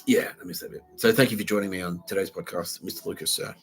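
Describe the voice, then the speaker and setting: A man's voice: sits low, fairly even intonation, quick pace, slight background noise. A young man hosts a rambling solo podcast, talking casually, with a lot of slang and swearing. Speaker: podcast host.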